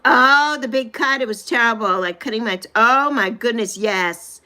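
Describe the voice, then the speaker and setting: A woman in her sixties hosting a casual livestream, animated and sassy, greeting viewers by name. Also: fairly high pitch, moderate pace. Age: 60s. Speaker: livestream host.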